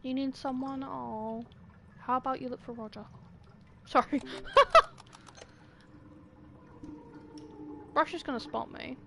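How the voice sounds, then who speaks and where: Exasperated British woman streamer, high voice. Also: slow pace, creaky, long pauses, noisy background. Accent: British English. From Britain. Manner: chatty, exasperated, pleading with game characters. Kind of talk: gaming commentary.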